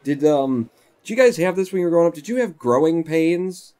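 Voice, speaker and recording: A man's voice: a little high, lively intonation, fairly quick, dark tone. A man chatting casually on a live stream at home, rambling as he tells stories while playing.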